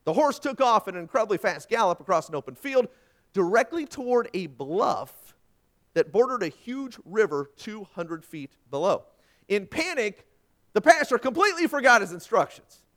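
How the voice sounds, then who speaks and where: Preaching at a moderate pace in a high voice, a male pastor fills his sermon with stories. He tells them in an animated way, performing each quoted voice himself.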